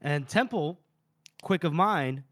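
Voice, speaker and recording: Brief: male podcast co-host, brisk lively recap of a book, fairly high voice, close dry mic. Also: no room sound. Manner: animated retelling with laughs. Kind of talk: casual book-discussion chat.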